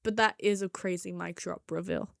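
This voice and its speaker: A woman's voice: on the low side, steady tone, normal speed, vocal fry, dry recording, studio quality. A young woman with a slight lisp recapping a movie casually, sarcastic and exasperated with mocking asides. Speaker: movie reviewer.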